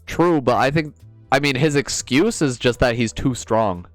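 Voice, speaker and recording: A man's voice: medium pitch, a little slow, no echo, soft background music. Chatty male game streamer, dry mic. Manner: chatty, jokey, reads in-game dialogue aloud. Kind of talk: gameplay stream commentary, reading game text aloud.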